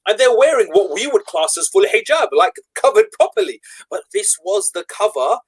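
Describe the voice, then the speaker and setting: A man's voice: high voice, sing-song, moderate pace, slightly rough. An English man hosting a casual online talk show, rambling with restarts and laughing as he goes. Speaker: show host. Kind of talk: casual debate chat.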